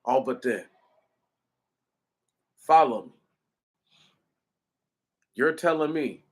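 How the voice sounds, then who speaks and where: A man's voice: mid-range voice, animated, very slow. Guy going off in a fired-up rant, keeps firing questions back at you, mid-range voice. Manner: emphatic, repetitive rhetorical questions, preaching cadence. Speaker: commentator. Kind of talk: impassioned spoken commentary.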